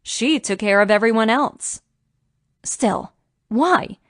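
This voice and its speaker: A woman narrating a romance audiobook in a steady, even storytelling manner. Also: fairly high pitch, slow pace, no echo, studio quality.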